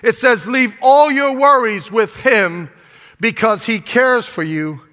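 A man's voice: very high-pitched, takes it slowly, sharp tone. An older man, a pastor, preaching a fervent sermon after an opening prayer, repeating words and calling on the congregation to answer. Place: church sanctuary. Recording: long reverb of a hall.

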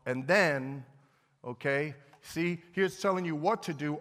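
A man preaches to his congregation in a loose, conversational style, often restarting phrases and calling for amens. His voice sits fairly high for a man. The sound carries the long reverb of a large church sanctuary. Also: measured pace, fairly bright tone. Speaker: pastor. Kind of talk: sermon.

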